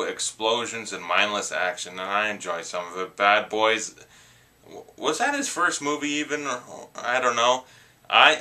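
A man's voice: on the low side, bright, forceful tone. A man reviewing movie trailers in a casual, rambling, opinionated rant.

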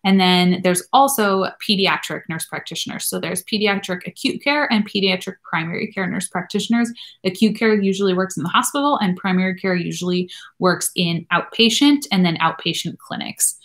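A woman in her thirties hosts a live question-and-answer stream, answering viewers in a loose, rambling way full of fillers and side tangents. Her voice sits a little low for a woman. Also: fairly quick, a bit bright. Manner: rambling and chatty, many fillers and asides. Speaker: nurse practitioner and channel host.

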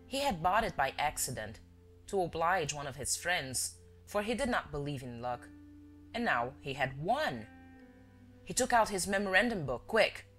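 A woman narrating a story in a measured, expressive reading. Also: deep voice. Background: faint music.

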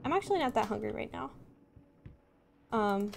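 A woman's voice: on the high side, animated, moderate pace, vocal fry. A woman live-streaming a horror game, chatting and apologizing to viewers, laughing nervously and breaking into sudden screams. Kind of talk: casual live-stream chat.

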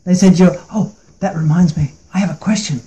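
Give me a small eager billy goat, played by a man, high and mellow. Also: fairly even intonation, a little fast, close to an everyday voice. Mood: nervous. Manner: eager, wheedling and hungry.

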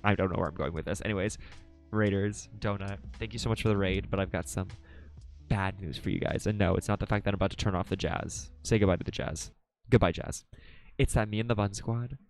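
A young man hosting a late-night livestream, chatting casually and breaking into excited high squeals. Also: no room sound. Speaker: livestream host.

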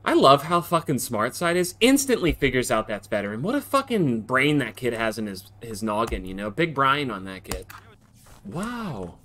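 A young man streaming a game, talking loudly and excitably with swearing in casual banter. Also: medium pitch, normal speed, few pauses.

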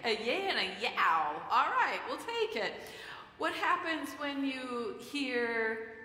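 A bright-voiced woman pastor talking slowly and playfully with children, coaxing them to join in. She is heard in a church sanctuary with a roomy, long reverb around her. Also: sits high, very animated. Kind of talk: children's message in a church service.

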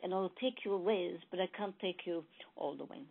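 A huge old male buffalo from a storybook tale speaks slowly in a low, husky voice, put on by a woman. The sound is tinny and narrow, like a phone line. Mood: grateful.

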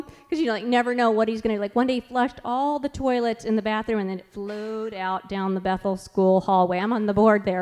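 A woman in her forties, speaking at a conference and telling family stories in a chatty, animated way, full of quick asides. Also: mid-range voice, clean tone. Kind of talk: storytelling talk.

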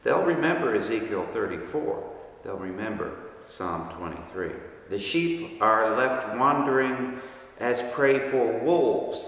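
A man with a somewhat low voice leads a Bible study lecture and patiently works through each term. His voice rings around a very echoey church hall with a long reverb tail. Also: a bit bright. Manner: patient, explains terms step by step.

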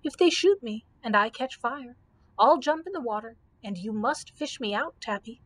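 In a storybook read-aloud, a woman plays a cheerful, kindly male scarecrow made of straw, talking in a light, engaging, unhurried way. The voice sits fairly high. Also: expressive, a bit bright.

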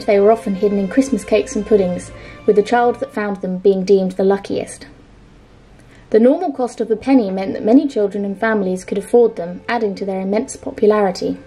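A woman who co-hosts a craft and history show recites an old poem in a measured way, then narrates its history. Her voice is medium in pitch with a warm tone.

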